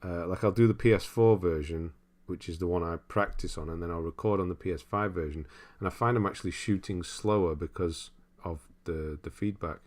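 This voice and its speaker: A young man with a deep, low-pitched voice hosts a relaxed livestream. He reads out viewer comments and muses on them in a loose, rambling way, chuckling often as he goes. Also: a little fast, hardly any pauses. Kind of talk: casual live-stream chat.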